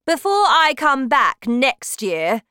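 A woman voicing a cruel, bossy female witch leader who shouts her orders with scorn, in a storybook reading. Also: sits high, big pitch swings, slow pace, clean tone, no echo, studio quality, pitched above the performer's own voice, exaggerated voice. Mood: scornful, commanding. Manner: shouting, commanding, contemptuous.

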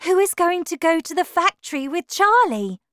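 A worried mother speaks high and urgently, as a woman reading aloud voices her. Dry, close recording. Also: sing-song, moderate pace, a bit bright, no room sound, full character voice. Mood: anxious.

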